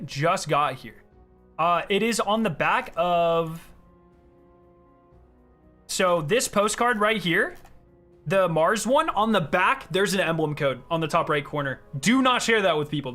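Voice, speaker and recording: A young man streaming live, chatting casually and excitedly with his chat, reading their questions aloud and answering them. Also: sits high.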